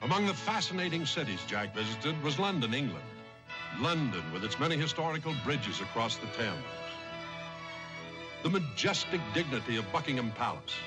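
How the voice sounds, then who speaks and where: A man announcing in a formal, smooth way, in a 1950s TV broadcast. His pitch rises and falls in a lively way, and clear music plays behind him. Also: normal speed. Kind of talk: scripted TV announcement.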